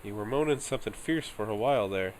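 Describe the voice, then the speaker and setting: A man's voice: fairly low pitch, fast talker, slight background noise, natural voice. A man reading aloud game characters' lines in a hammy, slightly raised voice. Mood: hamming.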